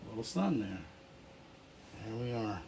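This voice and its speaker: A man talks through an oil painting demonstration at an unhurried, slow pace, with an easygoing manner that often drifts into murmuring to himself. There is a faint hiss of noise behind his voice. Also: lowish voice, sing-song, creaky, a little mellow. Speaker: painting instructor. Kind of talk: relaxed paint-along tutorial.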